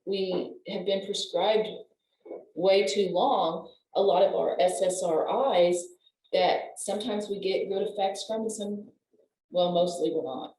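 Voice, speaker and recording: An older woman, a wellness professional and guest, explaining things in an animated way and laughing as she talks. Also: medium pitch, measured pace, slight background noise. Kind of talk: conversational explaining. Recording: roomy, distant from the mic.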